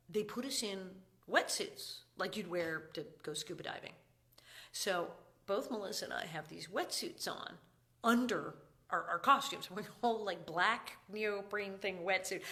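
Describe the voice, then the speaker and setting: A woman in her fifties chatting casually on a live stream, telling stories with acted-out quotes and sudden drops into whispers. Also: medium pitch. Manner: animated storyteller, acts out quotes, drops to whispers. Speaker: actress hosting a live stream.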